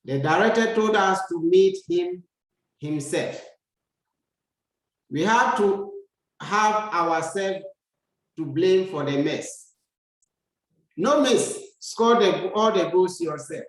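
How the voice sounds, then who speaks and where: Male grammar teacher, unhurried and repetitive, raised pitch, strong room echo. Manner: slow, deliberate, repeats sentences for learners. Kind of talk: slow grammar lesson. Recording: echoey room.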